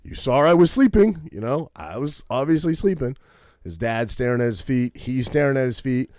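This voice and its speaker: A man of middle pitch tells a rambling, animated story, swearing freely and checking in with his listener after nearly every line. He sounds close to the mic in a dead, dry space. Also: moderate pace, no room sound. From Maine. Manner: profane, animated storytelling with many "right?" tags. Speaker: podcast co-host. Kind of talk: casual storytelling.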